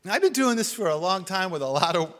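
A man with a high voice tells a sermon story, poking fun at himself and acting out each quote. His voice rings with the long reverb of a large hall. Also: quick pace. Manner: animated, self-deprecating storytelling with acted-out quotes.

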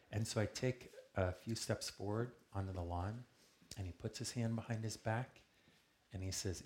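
A man telling a personal story to a small group in a calm, earnest way, acting out the lines of the people in it. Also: on the low side, unhurried. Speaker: speaker sharing a testimony with a group.

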